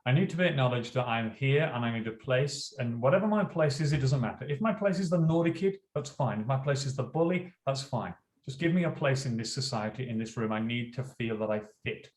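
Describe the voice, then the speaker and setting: A man's voice: mid-range voice, lively intonation, a little fast. Earnest man talking in an echoey room. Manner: earnest, storytelling, acts out classroom dialogue. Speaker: teacher and school principal. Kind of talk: conversational interview.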